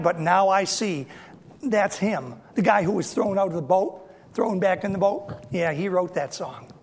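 A middle-aged pastor preaching in a notably high voice. He tells personal stories, acts out the people in them, and swings from quiet asides into loud, fervent emphasis. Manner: storytelling, acts out family dialogue, bursts into loud emphasis. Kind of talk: sermon.

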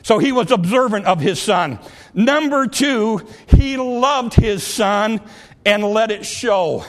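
Preaching slowly in a high, animated voice, a middle-aged pastor moves between fervent climaxes and soft, intimate asides.

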